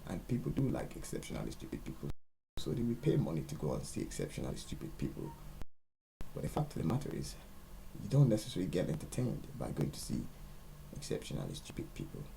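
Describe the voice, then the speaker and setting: A Nigerian man delivers an emphatic, ranting monologue as host. His voice sits extremely low and sounds mellow and dark. A faint hiss runs under the recording. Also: huge pitch swings, fast talker, vocal fry, low-quality recording. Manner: emphatic, ranting, rising into loud outbursts. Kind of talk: opinionated monologue.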